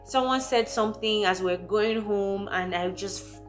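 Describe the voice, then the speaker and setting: A young woman from Nigeria, talking candidly and emotionally in a personal vlog, quick and full of fillers. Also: mid-range voice, faint music behind. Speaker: vlogger.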